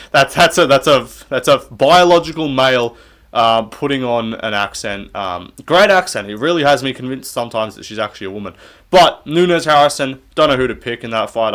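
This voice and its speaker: A man's voice: medium pitch, a bit bright. Blunt, foul-mouthed young man recapping fights. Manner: blunt, profane, sarcastic. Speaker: MMA recap host. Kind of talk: casual fight recap commentary.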